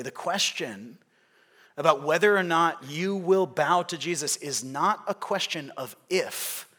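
A man's voice: mid-range voice, pushed and bright. A man preaching a sermon as a pastor, conversational and often checking in with his listeners. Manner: conversational, asks the audience questions.

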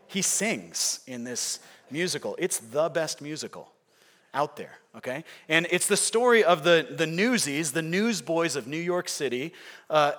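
This pastor's voice sits on the high side with a fairly bright tone. He preaches his sermon conversationally, often checking in with listeners and asking the audience questions.

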